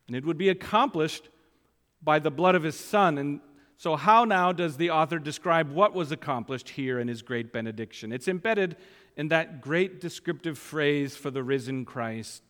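A man's voice: on the high side, moderate pace, fairly bright tone. A man preaching a sermon, repeating key phrases for emphasis and reading scripture aloud with mounting force. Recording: long hall reverb.

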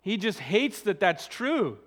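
A man preaching a sermon as a pastor, earnest, slowing down to stress key words. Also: sits high, sing-song, a bit bright.

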